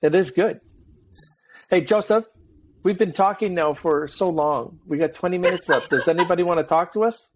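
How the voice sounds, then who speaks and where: Middle-aged male podcast host, chatty and animated, relaxed conversational delivery. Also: sits high, moderate pace, slight background noise. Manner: talkative, animated storyteller. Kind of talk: casual chat.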